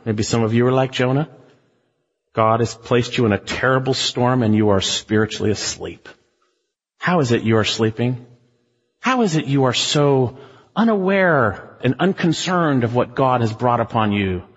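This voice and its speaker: A man preaching a sermon as a pastor, emphatic, with rhetorical questions and shifts between loud and hushed delivery. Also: medium pitch, lively intonation, moderate pace, slightly rough. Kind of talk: expository sermon. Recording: muffled, reverberant sanctuary recording.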